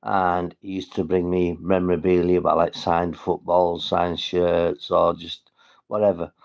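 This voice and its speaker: A man's voice: low voice, monotone, a little slow, gravelly, a little mellow, highs cut off. A man from St Helens with a northwest English accent, rambling and swearing as he chats to viewers on a casual livestream. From St Helens, England.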